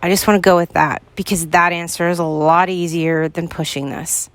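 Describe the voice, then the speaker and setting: Earnest low-voiced woman telling her story. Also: fairly even intonation, normal speed, no room sound. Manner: earnest, pleading when recalling her own words. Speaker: podcast host. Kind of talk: personal storytelling to listeners.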